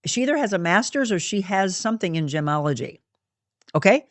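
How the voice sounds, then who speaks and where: A woman hosting a faith-based talk show, telling a story with animated, acted-out dialogue. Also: mid-range voice, brisk, dry recording. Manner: animated, acts out quoted dialogue. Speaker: show host.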